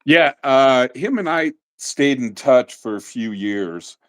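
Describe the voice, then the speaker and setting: A middle-aged man being interviewed, telling animated stories in a casual way and quick to laugh. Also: mid-range voice. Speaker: interview guest.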